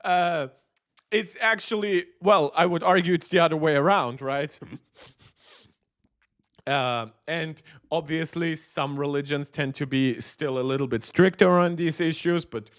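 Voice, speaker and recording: Guy streaming, fairly high voice, chatty, laughs a lot, reads chat out. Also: unhurried, fairly bright tone. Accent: mixed, not clearly regional. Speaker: streamer reacting to tech videos. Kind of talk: casual live-stream commentary. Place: Berlin.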